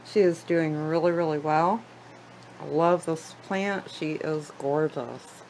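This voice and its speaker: A woman's voice: sits low, slow pace, darkish tone, a little hiss or hum, rough recording. A woman giving a casual tour of her houseplants in her living room, chatty and gushing, often trailing off mid-sentence. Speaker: plant vlogger.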